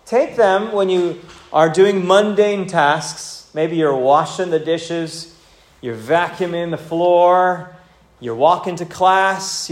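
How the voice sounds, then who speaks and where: A man preaching a sermon in an earnest, exhorting way, rising and falling in pitch for emphasis. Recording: echoey room.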